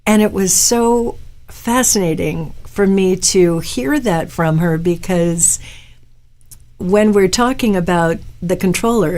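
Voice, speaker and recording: Middle-aged woman host from Florida, slightly low voice, loose rambling live-show chat with frequent tangents. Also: a little mellow. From Tampa, Florida. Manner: chatty, rambling with asides and tangents. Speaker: talk show host and hypnotherapist. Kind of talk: casual live-stream monologue.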